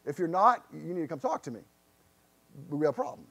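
A man preaching a sermon in church, his voice pitched high for a man. He speaks earnestly, often repeating words as he presses searching questions on his congregation. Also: big pitch swings, brisk, gravelly, fairly bright tone. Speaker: pastor.

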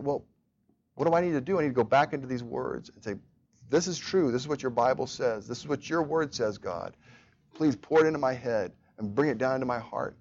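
A man's voice: mid-range voice, highs cut off. A man teaching a church Bible study in an earnest sermon style, often repeating words as he restarts phrases.

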